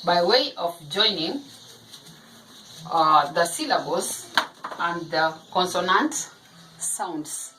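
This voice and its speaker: A woman teaching phonics, sounding out syllables slowly and repeating each one for parents of young children. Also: fairly low pitch, lively intonation, pushed and bright, a little hiss or hum, poor audio. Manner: slow, deliberate, repeating each syllable aloud.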